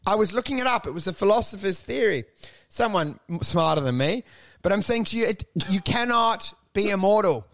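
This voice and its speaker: A man's voice: high voice, expressive, a little fast, fairly bright tone. A man co-hosting a podcast, rambling and mock-outraged in casual comedic banter, often laughing. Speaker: podcast co-host.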